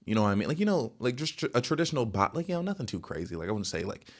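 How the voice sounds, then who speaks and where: In casual storytelling mode, this young podcast host recounts his dating experiences, animated and rambling with plenty of fillers. He has a mid-range male voice and races through it.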